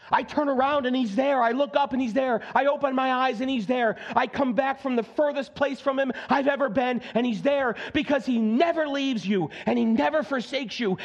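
A man's voice: very high-pitched, vocal fry, lo-fi sound. A male pastor preaching a sermon in a conversational, joking way, with frequent asides and repeated phrases for emphasis.

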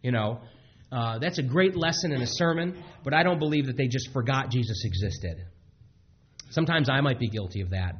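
Male preacher delivering a sermon, husky and halting, many restarts, mid-pitched. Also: muffled recording.

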